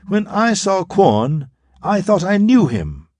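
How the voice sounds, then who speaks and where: A man voicing a sarcastic, excitable android man who sneers at his crewmates in an audiobook. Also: high-pitched, slow pace, no echo, voice pushed up, exaggerated voice. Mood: sneering. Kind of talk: audiobook character voice.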